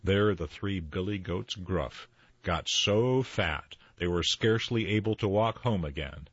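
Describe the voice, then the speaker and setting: Deep-voiced older man reading a story. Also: no room sound. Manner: slow, expressive storytelling. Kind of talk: reading stories aloud. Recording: slightly dull dry recording.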